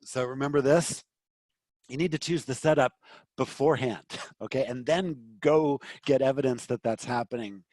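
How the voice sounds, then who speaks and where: Middle-aged male trading instructor, live screen-share, rapid filler-heavy explaining, dry close sound. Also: mid-range voice, a little mellow, dry recording. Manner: fast, loose explaining with many fillers and restarts. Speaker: trading educator.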